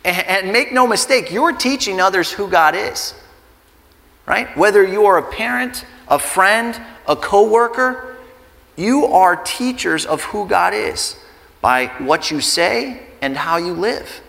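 A man's voice: high voice, expressive, slow pace, gravelly, fairly bright tone. A man in his thirties preaching a sermon as a pastor, talking conversationally and building to earnest emphasis. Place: church sanctuary. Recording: reverberant hall with faint music.

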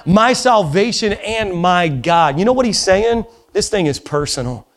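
A pastor with a bright, high voice preaches to his congregation. He swings from quiet, intimate asides to fervent, near-shouted appeals. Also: lively intonation, measured pace. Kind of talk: sermon. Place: church auditorium.

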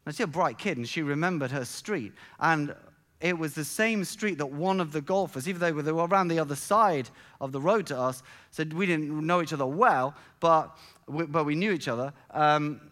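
A middle-aged pastor preaching with a high-pitched voice. He stumbles and restarts, then builds his lines to emphatic peaks as he tells a story to his congregation. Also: normal speed, fairly bright tone. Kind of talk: sermon.

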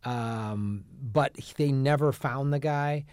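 A man's voice: mid-range voice, takes it slowly, darkish tone, clean tone, no room sound, clean studio sound. A man on a podcast, chatting casually about a film and offering asides. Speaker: podcast co-host.

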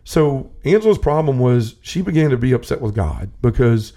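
A podcast host with a mid-range, sing-song, mellow voice tells a personal faith story at normal speed with few pauses. It's casual, earnest, and rambling, with many restarts.

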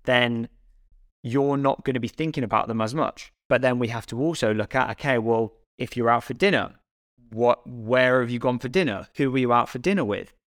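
A man's voice: mid-range voice, moderate pace, dry recording, clean studio sound. A male fitness coach co-hosting a casual podcast, explaining points steadily and posing rhetorical questions.

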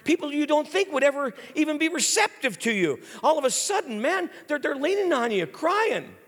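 A man preaching an animated sermon, telling stories in a lively, casual way. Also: extremely high pitch, moderate pace. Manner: lively, storytelling, casual slang. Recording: long hall reverb.

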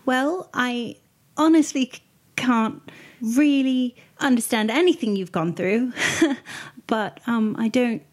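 Gentle hesitant woman player. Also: fairly high pitch, slow pace. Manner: gentle and hesitant, many fillers. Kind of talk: in-character tabletop role-play.

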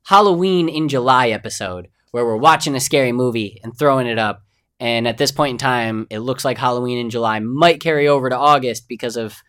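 A man's voice: mid-range voice, a bit bright. A young man hosting a podcast on his own, chatting casually and rambling from one thing to the next. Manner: rambling, chatty, easily sidetracked. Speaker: podcast host. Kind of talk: casual solo podcast chat.

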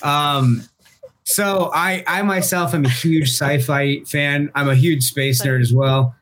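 A man's voice: fairly high pitch, fairly even intonation, slow pace, a bit bright, slight background noise. A young man in casual chat, rambling with lots of fillers and the odd curse. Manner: rambling, filler-heavy, profane.

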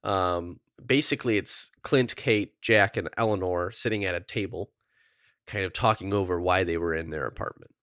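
A man's voice: low-pitched, moderate pace, fairly bright tone, no room sound, clean studio sound. A man co-hosting a podcast in casual chat, recapping at length with lots of ums. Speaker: podcast co-host.

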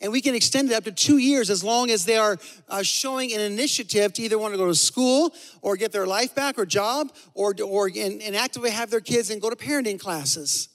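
High-voiced pastor preaching in a reverberant hall. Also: male voice, brisk, few pauses. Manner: animated storytelling, voice swings from hushed to loud. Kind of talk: sermon.

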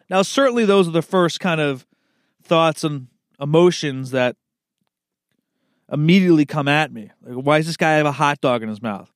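A man's voice: a little high, expressive, normal speed, no room sound, clean studio sound. A man in a casual, rambling monologue, laid-back and swearing freely, often calling the listener man or dude. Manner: chuckles at his own slips.

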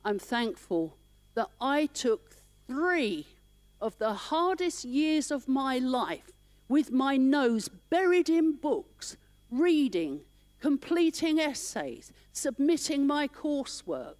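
A middle-aged woman minister shares her testimony in church, her voice warm with feeling and conversational. She speaks slowly in a fairly high voice. The sound is dry and close. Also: very animated, no room sound. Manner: emotional, conversational storytelling.

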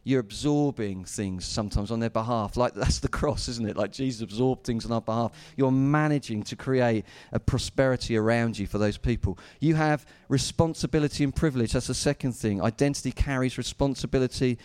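A man's voice: mid-range voice, a little fast, few pauses, darkish tone, clear, resonant tone, dry recording. Emphatic male preacher, dry sound. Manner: emphatic, repetitive, humorous asides. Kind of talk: sermon.

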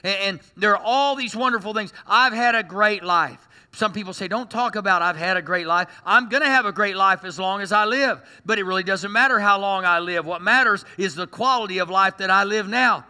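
High, very bright-voiced male preacher. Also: a little fast, few pauses, in a large hall. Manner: animated preaching with joking asides. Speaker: pastor. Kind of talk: sermon.

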